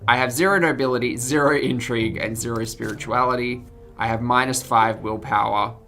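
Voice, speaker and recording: A woman's voice: very deep voice, steady tone, fairly quick, fairly bright tone, soft background music. A woman streamer reading game text aloud with jokey asides, giggling and tripping over words.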